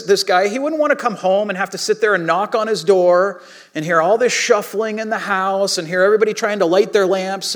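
A man with a high voice preaching a sermon. He talks casually and conversationally, breaking into animated asides as he explains the passage. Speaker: pastor.

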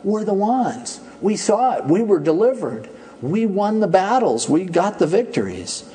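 Brief: man playing smug Israelite crowd, brushing off warnings, pitched up. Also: huge pitch swings, normal speed, a little mellow. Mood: breezy. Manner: breezy and dismissive.

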